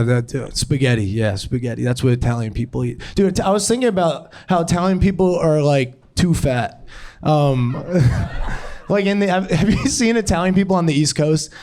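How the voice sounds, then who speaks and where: A man's voice: on the high side, lively intonation, normal speed, a little mellow, a little hiss or hum. A young man doing improvised stand-up on a comedy club stage, rambling and giggling at his own jokes.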